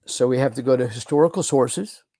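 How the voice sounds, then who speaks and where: A man's voice: medium pitch, a little fast, dark tone, dry recording, studio quality. A middle-aged man, a pastor, teaching a Bible lesson in a conversational way, often repeating and restarting words. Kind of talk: sermon-style Bible teaching.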